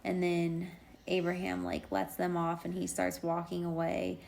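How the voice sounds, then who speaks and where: A woman co-hosting a casual podcast, her voice lowish and gravelly with fry. She recaps at length, with many fillers along the way. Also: monotone, a little slow, a little mellow. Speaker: podcast co-host. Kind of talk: casual chat.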